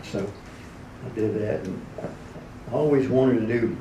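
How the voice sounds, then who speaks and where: A man's voice: on the low side, unhurried, pauses often, warm tone, slight background noise. A man telling folksy, chuckling stories at a live event and slipping into character voices now and then. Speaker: radio personality telling stories. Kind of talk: anecdotal storytelling at a live event. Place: event hall. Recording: echoey room, recorded from far off.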